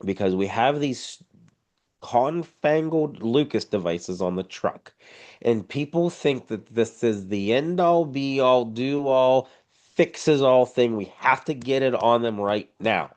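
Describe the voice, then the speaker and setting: Heard over a video call, a man teaches an online EMS class in a casual lecture, blunt, informal and emphatic. His medium-pitched voice is animated with a darkish tone, and he takes his time.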